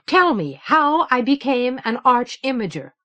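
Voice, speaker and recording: A woman voicing a determined young woman in an audiobook, speaking insistently with a raised, forceful voice. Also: high-pitched, unhurried, pitched above the performer's own voice. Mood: urgent. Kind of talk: audiobook character reading.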